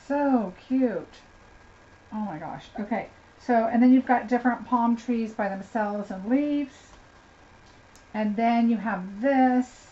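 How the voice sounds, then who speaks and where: Woman, chatty craft unboxing, excited and gushing, unhurried, slightly muffled lo-fi sound. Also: fairly high pitch. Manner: gushing, chatty, talks to viewers by name. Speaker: craft demonstrator. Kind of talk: live unboxing chat. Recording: slightly dull lo-fi sound, faint noise.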